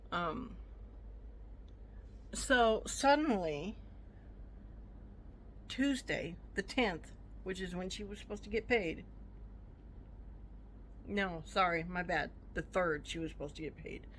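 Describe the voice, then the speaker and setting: Woman telling her scam story, sassy and indignant, slow drawl, bright sharp tone. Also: lowish voice. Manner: indignant, sassy, acts out both sides of the argument. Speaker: vlogger. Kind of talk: casual storytime rant.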